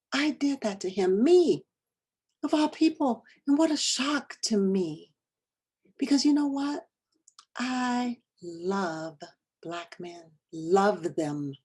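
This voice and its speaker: Husky woman telling a dramatic story. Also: medium pitch. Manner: animated storytelling, acts out dialogue, drops to whispers. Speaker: presenter. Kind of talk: storytelling presentation.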